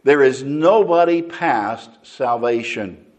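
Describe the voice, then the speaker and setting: Male pastor, mid pitch, unhurried deliberate sermon delivery with repeated key lines. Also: a little mellow. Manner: slow, deliberate preaching with repeated phrases.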